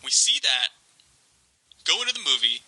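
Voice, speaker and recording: A man hosting a podcast in casual chat, telling stories with animated delivery, acting out the voices he quotes and laughing often. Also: a little high, moderate pace, poor audio. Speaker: podcast host.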